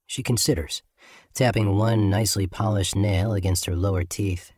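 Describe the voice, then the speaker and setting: A man reading a first-person audiobook in an even, sardonic storytelling manner. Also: lowish voice, normal speed, slightly rough, no room sound, studio quality. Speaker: audiobook narrator.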